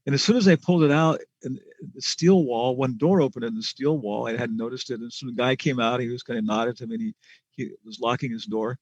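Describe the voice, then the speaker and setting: A man's voice: medium pitch, a little fast, a little mellow, no echo, highs cut off. A man giving a scripture class lecture, telling stories in a chatty way with restarts and chuckles. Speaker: spiritual teacher.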